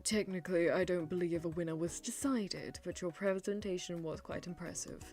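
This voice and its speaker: A woman voicing a polite, composed older male colonel in a calm, lowered, courteous manner. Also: normal speed, close to an everyday voice. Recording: faint music behind.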